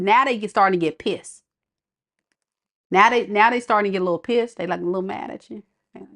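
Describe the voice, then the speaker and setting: A woman's voice: mid-range voice, a little fast, fairly bright tone. A woman giving a casual tarot reading, chatty, blunt and sassy with her viewers. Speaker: tarot reader.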